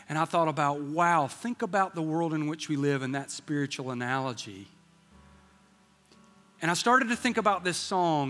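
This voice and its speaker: A man's voice: fairly high pitch, bright, forceful tone, long reverb tail. A man in his fifties preaching a sermon, telling a candid story and acting out the dialogue. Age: 50s. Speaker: pastor. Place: church sanctuary.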